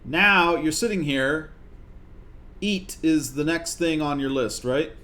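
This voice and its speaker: A man's voice: a little high, takes it slowly, sharp tone. Man coaxing his game characters. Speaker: gaming streamer. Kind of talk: live gameplay commentary.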